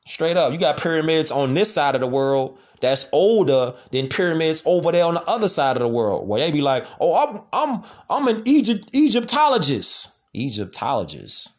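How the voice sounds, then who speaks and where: A man's voice: medium pitch, lively intonation, brisk, few pauses, darkish tone. A man delivering an impassioned monologue, heavy with street slang and repetition, lecturing listeners. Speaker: commentator.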